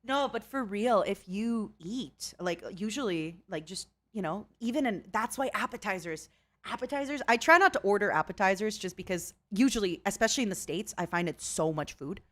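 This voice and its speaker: Bubbly animated woman streamer. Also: mid-range voice, moderate pace. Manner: bubbly, laughs often, animated. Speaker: streamer host. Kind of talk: casual chat.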